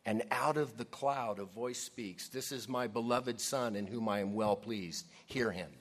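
Preacher swinging from booming to hushed. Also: male voice, measured pace. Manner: dynamic, swings from loud emphasis to hushed near-whisper. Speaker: pastor. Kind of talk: sermon.

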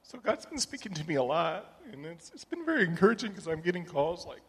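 A middle-aged man sharing a personal testimony with a church group, soft-spoken and halting, with many fillers. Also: a little high, very animated, breathy edge.

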